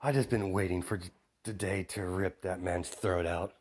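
A man voicing a cruel young male bio-weapon in a slow, low, threatening way, in a told fan story. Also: steady tone, darkish tone. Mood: menacing.

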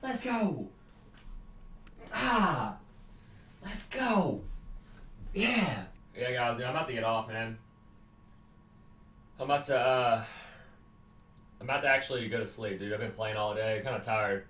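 Young man, brash heated gamer rant, unhurried delivery, distant echoey room sound. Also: medium pitch, lively intonation. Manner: heated, brash, swings from yelling to mumbling. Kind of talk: comedy skit, trash-talking over voice chat. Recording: roomy echo, voice set back from the mic.

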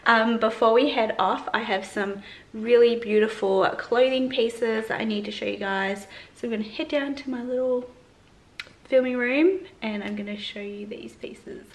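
A woman's voice: on the high side, normal speed. A woman chatting casually to camera in a lifestyle vlog, bubbly and talkative. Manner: bubbly, chatty, coos baby talk to her dog. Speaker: vlogger.

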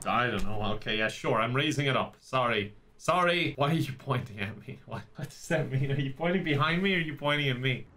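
A young man hosting a gaming video, giving playful let's-play commentary with a joking, teasing manner and quick apologies. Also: mid-range voice, expressive, sharp tone.

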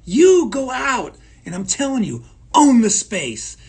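A man with a high, husky voice co-hosts a talk show. He speaks emphatically in a motivational chat, driving home points by repeating them. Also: big pitch swings, takes it slowly, a little mellow. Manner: emphatic, repeats phrases, acts out quoted people. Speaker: co-host.

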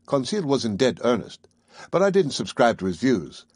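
A man reading a classic novel aloud in a measured first-person storytelling manner. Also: mid-range voice, big pitch swings, darkish tone, husky, no room sound, studio quality. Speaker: audiobook narrator. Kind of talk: scripted audiobook narration.

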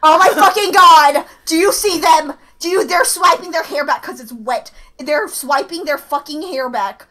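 Young woman reaction co-host, high and bright, gushing and swearing, faint music behind. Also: normal speed, few pauses. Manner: gushing, swearing, repeating herself. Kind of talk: excited reaction chat.

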